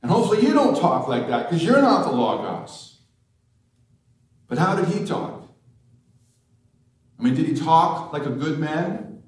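A man preaching a sermon, putting rhetorical questions to the congregation and slowing down for emphasis. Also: medium pitch, lively intonation, darkish tone. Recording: echoey room, mic at a distance.

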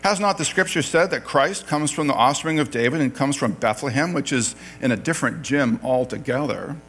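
A man's voice: mid-range voice, fairly quick, fairly bright tone, a little hiss or hum. A man from Canada preaching a sermon as pastor, talking conversationally, reading scripture aloud and correcting himself mid-sentence.

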